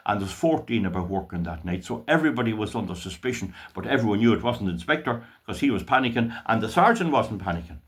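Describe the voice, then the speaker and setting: A man's voice: lowish voice, big pitch swings, fast talker, few pauses, a bit bright. An older Irish man and channel host telling a story in a casual, playful way, with mock drama and stammered repeats. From Ireland.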